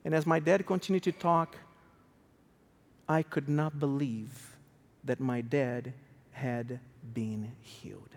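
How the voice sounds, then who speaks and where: A man preaching a sermon as a story, swinging between hushed, slow lines and raised, emotional ones. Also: medium pitch, steady tone. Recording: long hall reverb.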